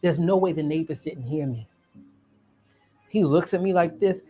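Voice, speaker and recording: A woman's voice: low-pitched, normal speed, mellow, faint music behind. A woman telling a personal story, dramatic and vivid, acting out each scene and calling the listener honey. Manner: dramatic, acts out scenes and voices.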